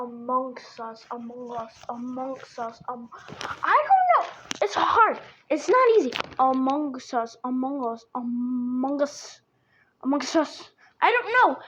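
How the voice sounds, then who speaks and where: A woman's voice: sits high, fairly bright tone, muffled recording, slight background noise. A woman chatting casually to her viewers in a playful, giggly way, full of jokey asides. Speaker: vlogger. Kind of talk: casual rambling chat to camera.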